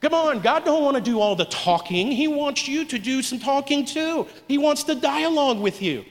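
A man's voice: very high-pitched, animated, moderate pace, hardly any pauses, big-room sound. A man preaching a sermon to a congregation in a church, urging call-and-response from the pews. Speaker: pastor. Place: church sanctuary.

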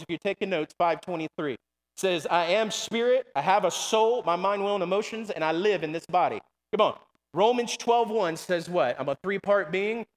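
A man preaching a sermon in a church, calling to the congregation with repeated "come on" and "amen". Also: high voice. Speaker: pastor. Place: church sanctuary. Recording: long hall reverb.

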